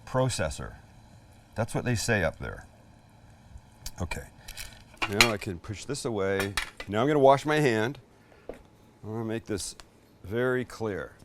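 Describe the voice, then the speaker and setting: A male cooking host runs a live cooking demonstration, jokey, chatty, and self-deprecating in a casual way. His voice is on the low side, animated, and fairly bright, at a moderate pace, picked up by a slightly distant mic.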